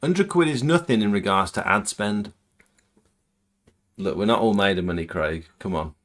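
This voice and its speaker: Guy hosting a stream, very deep voice, easygoing, plain-spoken. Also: normal speed, fairly bright tone. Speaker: pressure washing business owner and stream host. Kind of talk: casual chat on a livestream.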